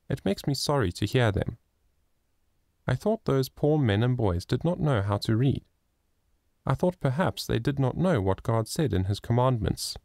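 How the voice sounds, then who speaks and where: A man voicing a poor, timid little flower girl who speaks softly and sorrowfully in an audiobook. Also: mid-range voice, gravelly, no echo, studio quality, voice pushed up.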